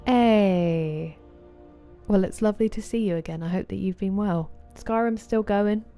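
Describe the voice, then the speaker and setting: A woman's voice: mid-range voice, measured pace, warm tone, faint music behind. A woman from southeast England with a southeast English accent, chatting casually with live viewers while streaming a game and greeting them by name.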